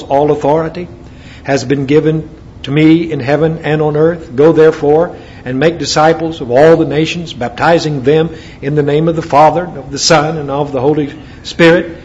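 A man's voice: on the high side, darkish tone. An American man preaching a sermon, mixing scripture readings with folksy asides. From United States. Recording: dull lo-fi recording with faint background noise.

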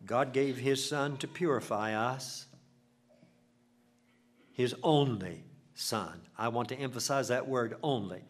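An older man preaching a sermon, swelling loud for emphasis and dropping to a near hush. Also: medium pitch, steady tone, normal speed, few pauses. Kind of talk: sermon with invitation.

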